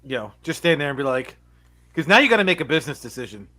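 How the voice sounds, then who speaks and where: A man co-hosting a podcast, chatting casually about football, excitable and full of laughter. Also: on the high side, fast. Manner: excitable, laughs a lot, repeats words when keyed up. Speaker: podcast co-host. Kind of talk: casual sports chat.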